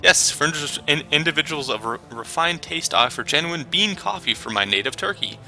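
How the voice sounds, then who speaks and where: A man voicing a genial, salesy middle-aged male coffee vendor who talks in smooth, flattering patter. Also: fairly high pitch, a little fast, faint music behind, voice pushed up, exaggerated voice, rough recording.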